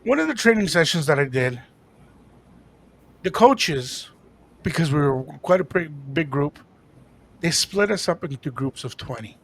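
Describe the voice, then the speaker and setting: A man with a gravelly, raspy voice pitched a little above the usual male range, co-hosting a relaxed podcast. He tells a story in a casual, chatty way, with animated delivery that acts out the dialogue. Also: measured pace, pauses often. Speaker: podcast co-host.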